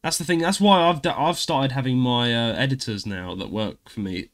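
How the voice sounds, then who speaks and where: A man's voice: mid-range voice, moderate pace. A man co-hosting a gaming podcast in casual chat, rambling with many fillers and restarts. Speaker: podcast co-host and streamer.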